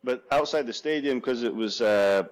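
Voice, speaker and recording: A man's voice: medium pitch, normal speed, low-quality recording. A young Scottish man, a football punter and guest, telling stories in a casual chat, laughing often and acting out what others said. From Scotland. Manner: animated storyteller, laughs often, acts out quotes.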